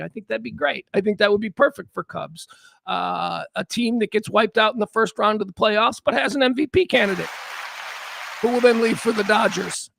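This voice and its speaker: Host, high gravelly voice, rambling wry livestream chatter. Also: male voice. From south side of Chicago. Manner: rambling, wry, animated asides. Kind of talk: casual livestream chat.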